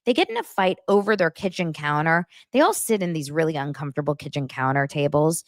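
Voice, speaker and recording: A woman's voice: sits low, lively intonation, fairly quick, dry recording. Chatty opinionated woman doing a reality tv recap, bouncy voice, dry close sound. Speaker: entertainment podcast host.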